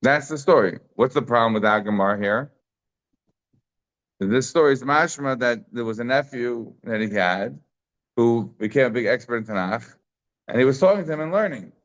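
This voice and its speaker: A man giving a casual Talmud class, telling the story with animated asides and Hebrew and Aramaic terms mixed into English. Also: medium pitch, moderate pace. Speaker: Talmud teacher. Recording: slightly dull lo-fi audio.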